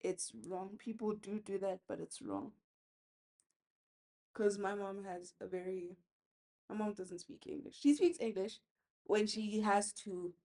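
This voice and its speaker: A woman's voice: medium pitch, mellow. A young woman, chatting candidly and with strong opinions over a phone video call while braiding her hair. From South Africa. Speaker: vlogger. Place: at home, with ducks nearby. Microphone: phone on a video call with noise cancelling.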